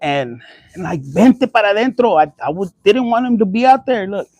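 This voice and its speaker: Foul-mouthed, high-voiced man reading tarot. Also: sing-song, fairly quick, darkish tone, dry recording. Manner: profane, blunt and chatty, mixing in Spanish phrases. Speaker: tarot reader. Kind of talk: casual tarot reading vlog.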